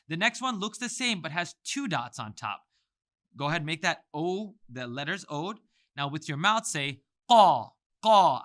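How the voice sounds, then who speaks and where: Bright, lively man teaching letters. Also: on the high side. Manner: animated, playful, exaggerated sounds. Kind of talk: energetic mnemonic lesson.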